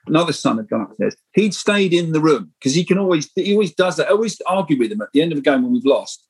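A middle-aged man telling animated, rambling stories as a guest in a casual podcast interview. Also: a little high, fast, slightly rough, poor audio. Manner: animated, rambling anecdotal storytelling. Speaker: guest screenwriter.

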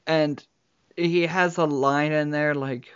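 A man's voice: on the high side, steady tone, slow pace, fairly bright tone, clean tone, muffled recording. A man co-hosting a casual movie podcast, retelling scenes in detail and laughing often. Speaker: podcast co-host.

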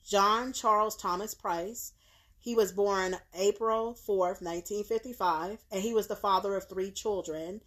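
A woman co-hosting a casual podcast, recounting a true crime case in a relaxed way with fillers and frequent agreeing yeahs. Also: mid-range voice, measured pace.

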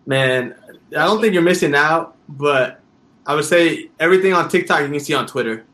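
A man hosting a casual chat over a video call, slangy and quick to laugh. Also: a little high, animated, pushed and bright. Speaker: host.

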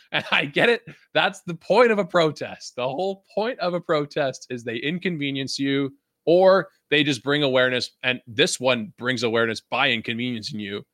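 A man's voice: fairly high pitch, a bit bright, no room sound, clean studio sound. A young man from Vancouver hosting a podcast, ranting in a casual, profane, rambling way and laughing often. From Vancouver, Canada. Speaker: podcast host.

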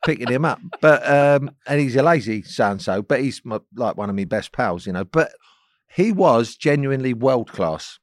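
Older man, chatty anecdotal guest, mid pitch, dry close sound. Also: expressive, normal speed, no room sound. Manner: anecdotal, chuckling, drops to low asides. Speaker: podcast guest, former footballer. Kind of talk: casual storytelling chat.

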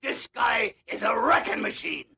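An actor playing a gruff, blunt old male boxing trainer who scolds in a raspy, shouting voice. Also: extremely high pitch, animated, normal speed, slight background noise, heavily acted. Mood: gruff scolding.

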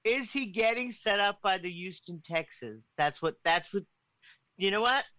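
A woman panelist giving an animated, teasing comic rant on a chat podcast. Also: mid-range voice, moderate pace, no room sound, low-quality recording. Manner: animated, teasing, laughs often.

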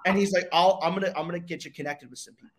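A young man, a racing driver, telling his story in a casual interview with dramatic pauses and energy. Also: high voice, fairly even intonation, a little hiss or hum.

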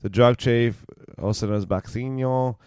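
A man co-hosting a podcast, animated as he reads out stories and banters with his co-host. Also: mid-range voice, moderate pace, clean tone, no room sound. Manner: animated, reads news stories aloud with laughs. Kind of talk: casual banter and storytelling.

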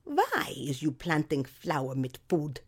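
A woman's voice: deep voice, very animated, unhurried, breathy edge, pitched below the performer's own voice, full character voice. Woman playing a scolding older neighbor woman, Eastern European accent, broken English, mocking tone. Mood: suspicious. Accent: put-on Eastern European accent. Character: chain-smoking older woman neighbor, scornful and bossy.

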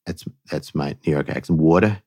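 A man with a very deep voice trades wry, easygoing banter as a podcast co-host. The recording is dry and close, with no room sound. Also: expressive, moderate pace, no room sound. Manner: wry, conversational, plays the straight man. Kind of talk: casual comedic chat.

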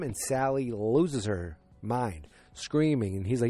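A man's voice: medium pitch, animated, slow pace, few pauses, warm tone, dry recording, faint music behind. A man hosting a solo podcast, recapping a TV series in a casual, rambling way with frank, loose swearing.

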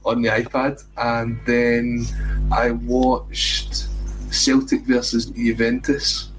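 A man's voice: medium pitch, monotone, slow, slight background noise, rough recording. A Scottish man hosting a football podcast, chatting and joking casually. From Scotland. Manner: chatty, joking, says "um" often. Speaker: podcast host. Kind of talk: casual chat.

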